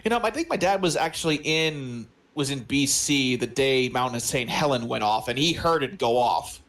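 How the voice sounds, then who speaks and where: A man's voice: medium pitch, expressive, moderate pace, fairly bright tone. A man co-hosting a movie watch-along, rambling and joking as he searches for words. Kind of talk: casual chat.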